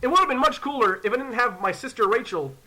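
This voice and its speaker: Lively, bright-voiced young man telling stories. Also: very high-pitched, fast talker. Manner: animated, profane, acts out quoted voices. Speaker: podcast host. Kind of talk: casual storytelling chat.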